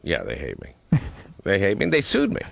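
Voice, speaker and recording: Deep-voiced man telling deadpan jokes. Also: normal speed, gravelly, no room sound. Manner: dry, deadpan jokes, stumbling restarts. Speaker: author and radio talk-show guest. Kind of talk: comic radio interview.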